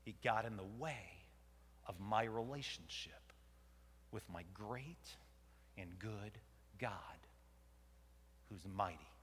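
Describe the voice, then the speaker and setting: A man playing Jonah, a conflicted and angry prophet, in a dramatic first-person sermon. His delivery swings between loud outbursts and hushed whispers. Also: on the low side, takes it slowly, long pauses, a little hiss or hum. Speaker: preacher in dramatic monologue. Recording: long hall reverb.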